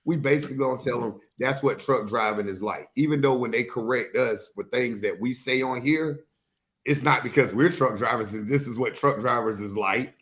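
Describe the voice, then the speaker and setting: A man hosts a casual podcast, mid-pitched and blunt. He teases his co-hosts and reads out comments in a plain, talkative way. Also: normal speed, a bit bright. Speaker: CDL instructor, podcast host.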